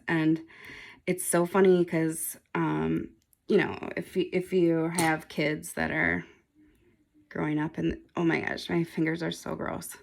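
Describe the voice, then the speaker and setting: Gravelly-voiced woman chatting to camera. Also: sits low. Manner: rambling, chatty, laughs often, many ums. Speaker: nail polish vlogger. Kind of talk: casual chat to camera.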